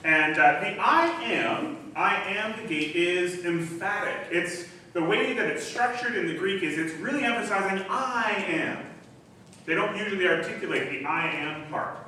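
A man delivers a sermon from the front of a church, explaining scripture in an easy, conversational teaching manner. His voice sits high and bright. The sound carries a heavy echo from the hall, picked up from some distance. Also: a little hiss or hum. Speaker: pastor. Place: church sanctuary. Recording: echoey hall, distant mic.

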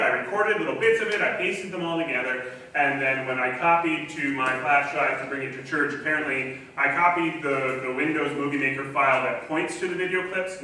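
A male pastor gives a relaxed, conversational sermon with a bright, forceful tone and a fairly high voice. He talks loosely, full of ums and false starts. The sound is very echoey and picked up from a distance in a church hall, with faint hiss behind. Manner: casual, chatty, frequent ums and restarts. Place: church sanctuary.

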